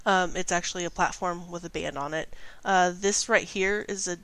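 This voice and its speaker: A woman acting as game master, narrating scenes in a relaxed, descriptive way with casual fillers. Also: on the low side, normal speed, clear, resonant tone, no room sound, low-quality recording.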